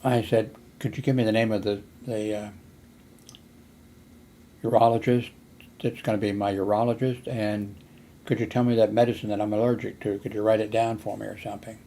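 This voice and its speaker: Older man, hard of hearing, low even voice, meandering storyteller, faint background hiss. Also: fairly quick. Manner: meandering, many fillers and restarts. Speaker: vlogger. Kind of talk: rambling personal story.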